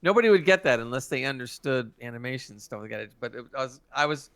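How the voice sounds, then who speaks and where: A man's voice: mid-range voice, expressive, fast, a bit bright, smooth, no room sound. A man co-hosting a podcast review, laid-back and easily amused in casual chat. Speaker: podcast co-host.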